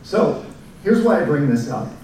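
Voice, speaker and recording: A man, giving a speech to educators as a presenter in a relaxed storytelling manner with fillers. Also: a little high, normal speed, slight background noise. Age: 40s. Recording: echoey room, mic at a distance.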